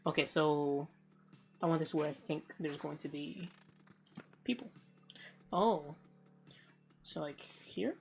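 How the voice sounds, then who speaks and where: A woman's voice: deep voice, expressive, slow pace, creaky, pauses often, darkish tone, faint music behind. A woman streamer giving casual let's play commentary, thinking aloud in a rambling, offhand way.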